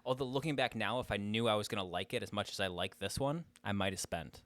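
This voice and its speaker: A man's voice: fairly low pitch, fast, a bit bright, no room sound. A young man co-hosting a podcast in casual, crude, joking banter full of swearing. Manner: crude, swears a lot, jokey. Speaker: podcast co-host.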